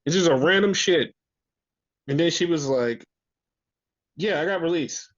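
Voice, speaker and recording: Over dull lo-fi audio, a man with a fairly high, slightly slow voice hosts a podcast. He rants through casual conversation with frequent profanity and plenty of exasperation.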